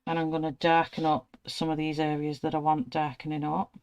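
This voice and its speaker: A British woman chatting casually and telling lively anecdotes while she colours an illustration. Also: sits low, a little fast, clear, resonant tone. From United Kingdom. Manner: chatty, animated anecdotes, acts out her own panicked voice. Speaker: art channel host.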